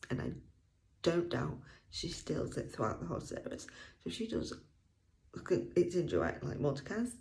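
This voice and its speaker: A chatty woman reviews an audiobook in a casual vlog. Her voice swoops wildly up and down with a gravelly, fry-laden edge. She laughs often and at times sinks to a near whisper. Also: sits low, darkish tone. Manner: chatty and enthusiastic, laughs often, trails off with fillers. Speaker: book reviewer.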